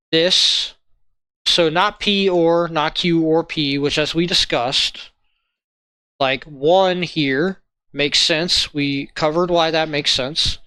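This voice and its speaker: A man walking viewers through a logic lesson in a halting way, often checking in with "right?" and "okay?". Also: on the high side, bright, forceful tone, dry recording. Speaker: logic tutor. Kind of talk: informal lesson walkthrough.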